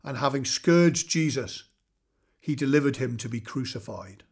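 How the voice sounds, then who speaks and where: A man reading scripture aloud in a measured, solemn way, slowing for weight. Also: mid-range voice, animated, breathy edge. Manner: measured, solemn reading with slow dramatic pauses. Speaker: scripture reader.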